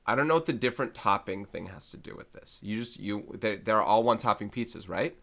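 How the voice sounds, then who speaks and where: A math teacher records a lesson with a fairly low voice and a bright, forward tone. He talks through the problem the way he thinks it, casual and conversational. He stops often to correct himself mid-thought. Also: lively intonation, fairly quick, creaky.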